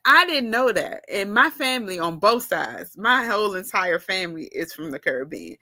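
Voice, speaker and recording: Bright-voiced woman talking casually. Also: mid-range voice, sing-song, moderate pace, hardly any pauses, dry recording, studio quality. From United States. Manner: rambling, with many fillers and restarts. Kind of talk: casual informal talk.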